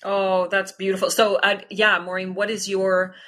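Husky, bright-voiced woman comedian. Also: medium pitch, moderate pace. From Canada. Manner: animated, laughs between thoughts. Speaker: guest comedian. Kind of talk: casual interview chat.

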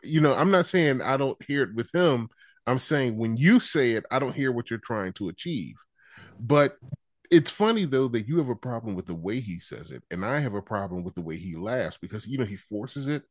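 A man co-hosting a wrestling podcast in loose, laughing banter. His pitch leaps and dips as he mimics people and cracks himself up. The sound is dry and close. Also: normal speed, no echo. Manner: animated, laughs often, mimics others. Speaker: podcast co-host.

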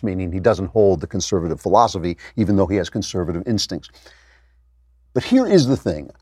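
A man's voice: lowish voice, darkish tone, breathy edge, no room sound, studio quality. A middle-aged man giving an opinionated political monologue as host, sarcastic, often mocking others in a raised voice.

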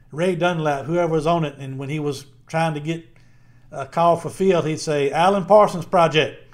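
On a casual podcast, a friendly, rambling co-host fills his talk with fillers; he is a middle-aged man with a Southern Virginia accent. His voice sits on the high side and has a darkish tone.

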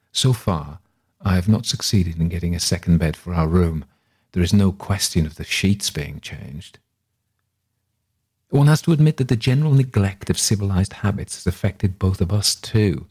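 A man reading a literary story aloud in a measured, reflective way. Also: low voice, darkish tone, slightly rough. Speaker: reader.

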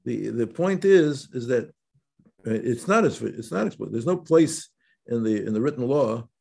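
A man teaching an informal Torah class, talking in halting phrases with frequent restarts and checking questions. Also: medium pitch, animated, vocal fry, a little mellow, breathy edge. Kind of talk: informal religious lesson.

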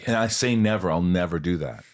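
50s guy hosting a podcast, low voice, dry close sound, keeps repeating himself for emphasis. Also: expressive, fairly quick, no room sound. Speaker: podcast host. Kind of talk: casual conversational interview.

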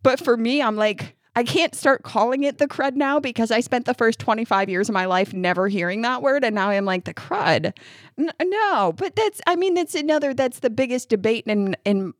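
A woman from New York co-hosting a casual chat, animated and laughing often as she puts on the voices of people she quotes. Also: a little high, fairly quick, hardly any pauses, no room sound, studio quality. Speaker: podcast co-host.

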